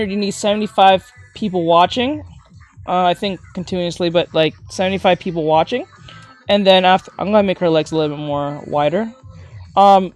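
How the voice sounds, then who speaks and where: Excitable woman streamer chatting over music. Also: mid-range voice. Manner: bursts into excited shouts, gushing thanks. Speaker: art streamer and drawing teacher. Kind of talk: casual livestream chat while drawing. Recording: faint music behind.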